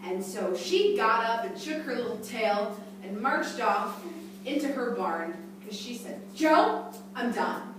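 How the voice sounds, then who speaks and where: A bubbly woman improvises a tale for a workshop group, her voice lively and slightly high. The mic is distant, the room very echoey, with clear background noise. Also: a little slow. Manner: bubbly, animated, laughing easily. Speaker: workshop participant.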